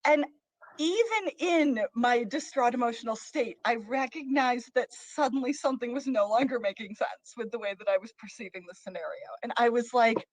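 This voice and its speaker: A young woman who is a teen librarian and co-hosts a talk show, chatting casually and telling a story in an animated, self-interrupting way, laughing as she goes. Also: on the high side, normal speed, no room sound. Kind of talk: casual chat and playful storytelling.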